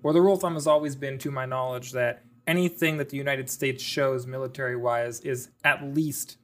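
Wry, relaxed podcast co-host man. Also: medium pitch, brisk. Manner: relaxed, wry, reasoning aloud. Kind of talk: casual chat.

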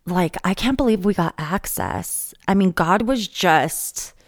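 A woman's voice: fairly low pitch, a little slow, dry recording, studio quality. A woman hosting a casual conversation, telling stories animatedly and acting out what others said. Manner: animated storytelling, acts out quotes. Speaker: host.

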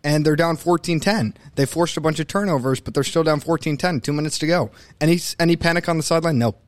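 A man's voice: on the high side, fast talker, no echo. Opinionated young man on a dry mic. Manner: animated, opinionated, mimics coaches mid-rant. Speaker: sports podcast co-host. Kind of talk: casual sports talk.

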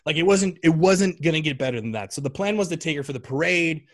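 A man telling a story in a casual chat, animated and full of fillers. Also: on the high side, fast. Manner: animated, chatty, many fillers.

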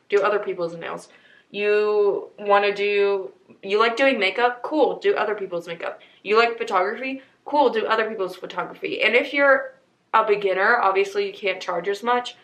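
A woman's voice: mid-range voice, normal speed, fairly bright tone. Young woman in her 20s chatting upbeat on her podcast, roomy echo. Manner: chatty, upbeat, talks straight to listeners. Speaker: podcast host. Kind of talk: casual chat.

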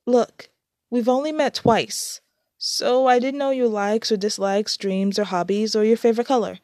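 A shy young woman talks in a nervous, hesitant way, pitched higher than a plain reading voice, as a woman reading the story puts her on. The recording is close and dry with no room sound. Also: slow pace, a little mellow, no echo. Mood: apologetic.

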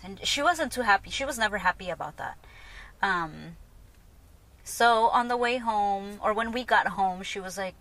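A woman in her thirties tells her own story on her podcast, frank and conversational, with fillers scattered through her talk. Her voice sits at an ordinary middle pitch for a woman. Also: moderate pace, vocal fry, a bit bright. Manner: candid, chatty, full of "like" and "you know". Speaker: podcast host. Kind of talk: personal storytelling monologue.

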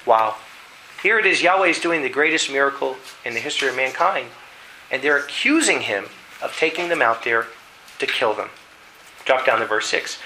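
Bright-voiced male preacher telling a story. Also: mid-range voice, moderate pace, slight background noise, poor audio. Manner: animated storytelling, acting out voices. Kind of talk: sermon with storytelling and scripture reading.

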